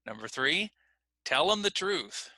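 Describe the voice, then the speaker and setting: Bright-voiced patient male teacher. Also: on the high side, big pitch swings, dry recording. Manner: patient, repeats "again", models phrases slowly. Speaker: ESL teacher. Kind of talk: online pronunciation lesson.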